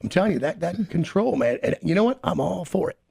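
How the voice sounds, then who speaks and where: A man's voice: sits high, big pitch swings, quick pace, creaky, darkish tone, breathy edge, no echo. A male radio host trading crude jokes and stories in loose, profane banter on a studio mic. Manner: loose, profane, jokey storyteller.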